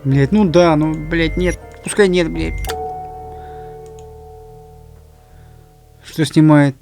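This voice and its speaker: A man streaming a game, commenting loudly and profanely with exasperation. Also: fairly high pitch, moderate pace, gravelly, over music. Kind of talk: casual let's-play commentary.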